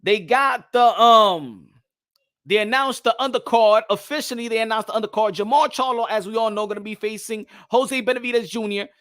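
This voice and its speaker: A man hosting a casual boxing talk show, animated and repetitive, getting loud and excited as he makes his points. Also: sits high, normal speed.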